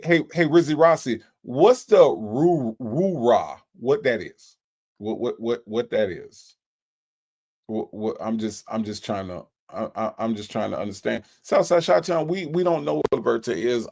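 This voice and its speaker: A man's voice: mid-range voice, creaky, darkish tone. A man hosts a live stream in casual commentary, reading chat comments aloud, repeating himself and stammering in disbelief. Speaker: live stream host reacting to a phone call.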